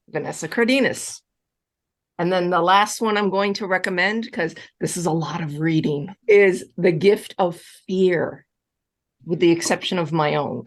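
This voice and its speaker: A relationship coach answers audience questions in a live online Q&A. She is emphatic and reassuring, animated with big swings in pitch, and she keeps repeating key phrases.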